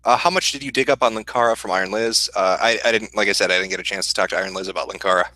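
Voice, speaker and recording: A man with a Midwestern accent, hosting a casual livestream and answering chat questions in a profane, deadpan, sardonic way. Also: on the low side, very fast, no room sound, poor audio. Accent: Midwestern American.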